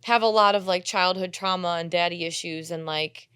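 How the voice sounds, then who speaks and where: A woman's voice: on the low side, moderate pace, fairly bright tone, smooth, no room sound, clean studio sound. A young woman co-hosting a podcast, telling a personal story in candid casual chat, swearing freely and acting out her own quotes. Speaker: podcast co-host.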